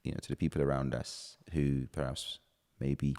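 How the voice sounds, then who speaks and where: Very deep-voiced male podcast host. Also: little pitch movement, moderate pace, mellow. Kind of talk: casual chat. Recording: reverberant room.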